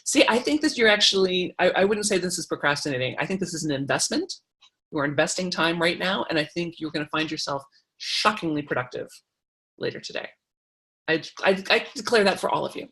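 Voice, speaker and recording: A woman's voice: fairly low pitch, animated, brisk, a bit bright. A middle-aged woman teaching a creativity workshop, talking in an encouraging, chatty way with fillers and restarts. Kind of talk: live online workshop talk.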